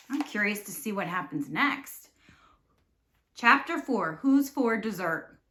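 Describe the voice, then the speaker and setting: A woman teacher reading a storybook aloud with expressive, animated narration. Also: a little high, measured pace. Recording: echoey room.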